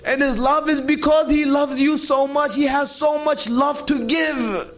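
A man with a very high-pitched voice delivers a fervent religious sermon. He pleads with the congregation and calls them his friends. His delivery swings between storytelling and impassioned, chant-like cries. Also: steady tone, measured pace, fairly bright tone, a little hiss or hum. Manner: storytelling, addresses audience as friends. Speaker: preacher.

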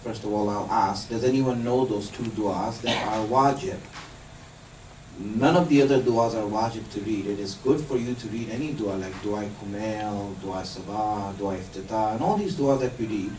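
The recording, made with a distant mic in an echoey room, carries slight background noise. A man with a somewhat low, slightly mellow voice gives a religious lesson to a live group at a moderate pace, explaining with patience and posing questions to his listeners.

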